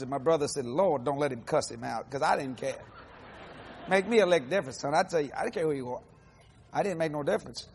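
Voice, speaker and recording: In a large hall, a preacher in his sixties delivers a testimony sermon in a husky voice that sits high for a man. He tells the story in an animated way, acting out the people and their quotes, and his grammar is folksy and casual.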